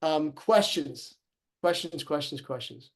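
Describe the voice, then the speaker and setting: A man with a notably high voice leads an online fitness class. He explains exercises in an energetic, encouraging way and talks straight to his group. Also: slow pace. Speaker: fitness instructor.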